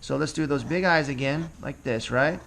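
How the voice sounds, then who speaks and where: A man's voice: a little high, normal speed, gravelly, a little hiss or hum. A man teaching a casual cartooning lesson, chatting and thinking aloud as he draws. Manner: relaxed, chatty, thinking aloud while drawing. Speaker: cartooning instructor. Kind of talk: casual drawing tutorial.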